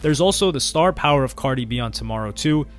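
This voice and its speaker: A man reading a scripted documentary narration in a measured, even delivery. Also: mid-range voice. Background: faint music.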